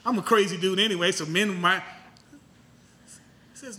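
Male pastor, very high and sharp-toned, preaching with loud bursts and rhetorical questions. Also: moderate pace, pauses often. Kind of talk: sermon.

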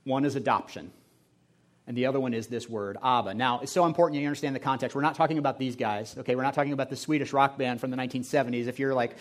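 Soft-spoken middle-aged male preacher. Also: medium pitch, fairly even intonation, racing. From Indianapolis, USA. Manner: conversational storytelling, often dropping to a soft, hushed tone. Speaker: pastor. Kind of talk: sermon with a personal story.

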